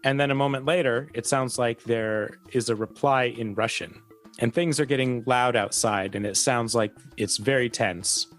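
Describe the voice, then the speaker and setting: A man's voice: mid-range voice, a bit bright, faint music behind. A man running a tabletop game as game master, describing scenes with frequent hesitations. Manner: descriptive, halting with fillers.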